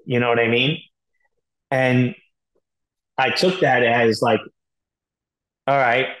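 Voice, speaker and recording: Here a podcast guest shares candid stories in an interview, talking rapidly and bluntly, swearing and leaning on fillers. His voice is medium-pitched, a bit bright and fairly even in intonation, and the recording is rough.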